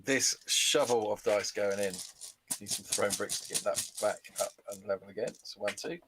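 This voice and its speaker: A man's voice: lowish voice, normal speed, fairly bright tone, a little hiss or hum. A British man co-hosting a live tabletop dice game, joking with his opponent and counting dice aloud. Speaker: game show co-host. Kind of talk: casual live game commentary.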